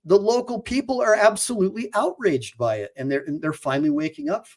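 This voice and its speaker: Guy lawyer ranting on his react channel, emphatic, trips over his words, voice a bit high. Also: lively intonation, fairly quick. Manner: heated and emphatic, with frequent restarts. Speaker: attorney hosting a reaction channel. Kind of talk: opinionated reaction commentary.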